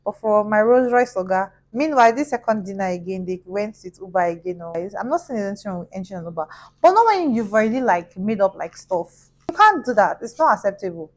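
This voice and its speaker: Animated Nigerian woman telling a story. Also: mid-range voice, quick pace, poor audio. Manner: animated, gossipy, acts out voices. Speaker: vlogger. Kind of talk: casual storytelling.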